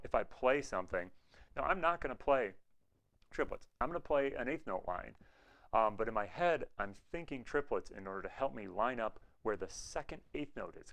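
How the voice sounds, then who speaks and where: A man's voice: mid-range voice, a bit bright, low-quality recording. A man giving an online music lesson on swing, explaining patiently and scatting rhythm syllables to demonstrate. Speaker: music teacher.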